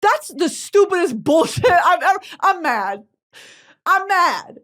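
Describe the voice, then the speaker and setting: A young woman hosting a comedic podcast, swearing freely and jumping from low mutters to loud squealing outbursts. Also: very animated, normal speed. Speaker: podcast host.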